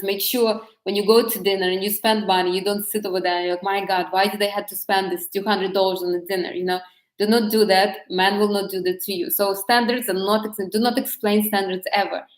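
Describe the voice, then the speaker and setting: A woman coaching her viewers on dating in a casual, frank monologue, talking off the cuff and circling back on herself. Her mid-pitched voice rings in a noticeably echoey room. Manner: direct, frank, speaking off the cuff with restarts.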